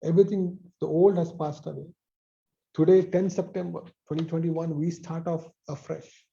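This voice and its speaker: A man preaching a sermon over a video call, repeating phrases with emphasis and dropping softly at line ends. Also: fairly high pitch, little pitch movement, normal speed, gravelly, highs cut off. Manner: repetitive, emphatic with soft drops.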